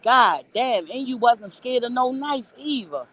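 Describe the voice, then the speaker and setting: A woman voicing a rough older male street hustler who curses constantly. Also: on the high side, lively intonation, unhurried, a bit bright, dull audio, voice pushed up. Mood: incredulous. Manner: profane, incredulous.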